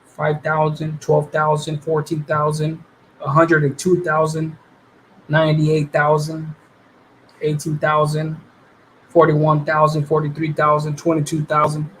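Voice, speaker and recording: A man's voice: a little high, monotone, unhurried, a bit bright, a little hiss or hum. A man hosting a casual livestream, greeting viewers by name in laid-back slang with plenty of swearing. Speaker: livestream host.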